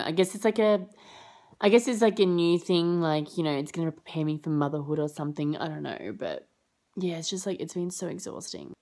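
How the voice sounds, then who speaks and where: Young female vlogger, lower register, casual rambling delivery, fond of acting out dialogue. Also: a little mellow. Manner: rambling and chatty, full of fillers; acts out quoted lines with high jumps in pitch. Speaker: au pair vlogger. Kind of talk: casual chatty vlog.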